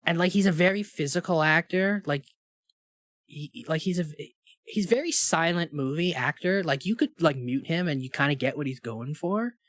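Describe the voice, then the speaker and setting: Young dude on a movie podcast, rambly, says like a lot, dry close sound. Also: male voice, on the high side, moderate pace, no echo. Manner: rambling, lots of "like", animated when ranting. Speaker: podcast co-host. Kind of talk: casual movie review chat.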